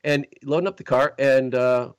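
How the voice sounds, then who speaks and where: A man's voice: medium pitch, steady tone, normal speed, clean tone, no echo. A man hosting a podcast, chatting and telling rambling stories with many restarts. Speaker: podcast host. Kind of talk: casual podcast chat.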